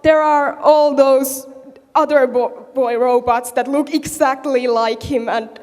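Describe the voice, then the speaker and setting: A woman's voice: sits high, steady tone, slow pace, a little mellow. A woman, an audience member at a convention panel, rambling nervously and losing her thread. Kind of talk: casual chat at a panel. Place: convention hall. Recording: hall reverb.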